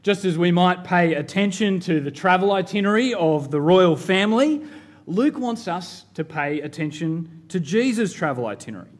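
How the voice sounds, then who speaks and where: A man in his thirties, a pastor, preaching a sermon in a measured, emphatic way with rhetorical questions. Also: high-pitched, expressive.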